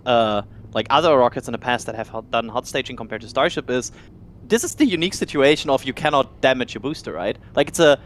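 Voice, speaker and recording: Animated man with a lively pitch. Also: brisk, slight background noise. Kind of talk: casual technical chat.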